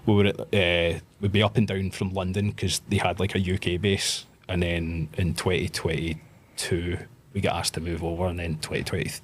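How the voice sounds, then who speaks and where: A Glaswegian man in his thirties, a pro wrestler, chatting as a guest and telling animated stories with plenty of swearing. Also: low-pitched, moderate pace, slightly rough. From Scotland. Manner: animated storyteller, swears, acts out voices in anecdotes. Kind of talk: casual storytelling chat.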